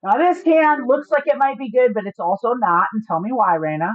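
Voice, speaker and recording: Joking and cursing, a woman livestreams poker and walks viewers through her hands. Her voice is a little high and her delivery brisk. The recording is dry and somewhat dull, with a lo-fi quality.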